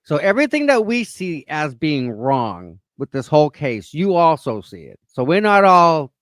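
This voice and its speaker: A man's voice: fairly high pitch, very animated, moderate pace, a bit bright, dry recording, clean studio sound. A man co-hosting a livestream with a Boston accent, laid-back and teasing in casual chat. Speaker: co-host.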